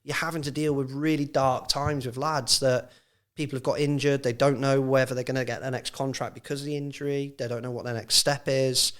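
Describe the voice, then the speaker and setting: A man's voice: mid-range voice, little pitch movement, fairly quick, fairly bright tone. An English man, a former football physio, chatting casually on a podcast and telling stories about players with a laugh. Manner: chatty, storytelling, laughs at own anecdotes.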